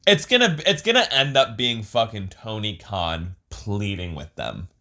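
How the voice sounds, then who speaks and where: Guy cohost, casual chat, swears, jokes around, pitch bouncing all over. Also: very animated, measured pace, pushed and bright. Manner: laid-back, swears, jokes and interjects. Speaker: podcast co-host.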